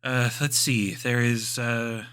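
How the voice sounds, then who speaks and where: A game master with a bright, clean, mid-range voice runs a tabletop role-playing game, narrating and voicing characters at a slow pace. His intonation is fairly even, and his offhand talk is full of fillers.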